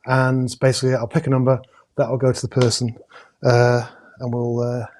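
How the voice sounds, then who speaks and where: A man's voice: mid-range voice, monotone, darkish tone, slight background noise. Chatty man hosting a live raffle. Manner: chatty, halting with many uh's, jokey asides. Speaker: host drawing raffle prizes. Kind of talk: casual live-stream chat. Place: indoors at home with a camera crew.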